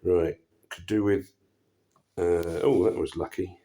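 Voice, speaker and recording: A man giving casual commentary over his own puzzle game, relaxed and muttering to himself with frequent pauses and fillers. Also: low-pitched. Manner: relaxed, muttering asides with many ums. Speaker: gaming channel host.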